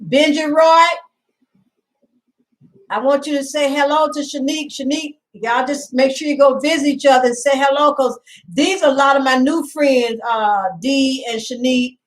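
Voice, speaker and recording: On poor audio, a middle-aged woman runs a relaxed home livestream in a high, steady voice at a moderate pace. She chats on at length, calling out viewers by name and laughing frequently.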